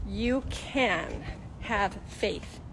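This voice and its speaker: A woman's voice: medium pitch, extremely slow. A woman in her fifties hosting a live-streamed motivational talk, coaching viewers directly in an earnest way. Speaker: host.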